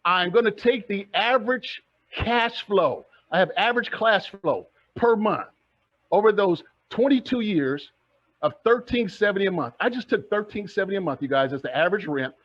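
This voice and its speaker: A husky, high-pitched man fires question after question at a club audience in an upbeat investing pitch. The sound is dull and lo-fi. He talks with the push of a motivational presenter. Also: animated, normal speed, a bit bright. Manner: acts out the audience's replies. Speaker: real estate investor and presenter. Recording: dull lo-fi recording.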